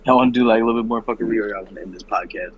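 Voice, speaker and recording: A man co-hosting a casual wrestling podcast, offhand and quick as he rattles off his predictions. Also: fairly low pitch, muffled recording, slight background noise. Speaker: podcast co-host.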